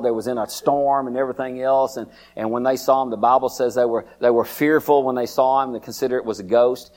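A man preaches in a folksy, repetitive style, often addressing listeners by name, his voice climbing to an excited high pitch as the sermon builds.

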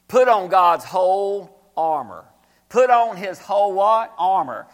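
A man's voice: high voice, animated, unhurried. A male pastor preaching a sermon, repeating scripture lines and calling on the congregation to say them back. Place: church sanctuary. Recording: echoey church hall.

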